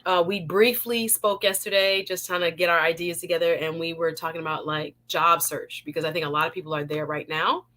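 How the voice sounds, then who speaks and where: A woman's voice: on the low side, a little fast, hardly any pauses. A Jamaican woman hosting a live online talk show, playful and laughing as she greets viewers in the chat. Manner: lively and playful, laughs often, shout-outs to chat.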